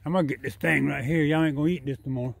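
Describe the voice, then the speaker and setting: A man's voice: fairly even intonation, rapid-fire, vocal fry, no echo. A man, filming a casual vlog in his yard on his phone and coaxing squirrels to come eat. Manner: coaxing, rising higher when calling the animals. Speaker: vlogger. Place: his own yard, outdoors. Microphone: phone camera.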